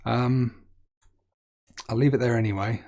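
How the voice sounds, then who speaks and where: Streaming a geography guessing game, a young man talks in a mid-range, slightly mellow voice with fairly even intonation and a measured pace. His commentary has him thinking aloud and laughing off his errors.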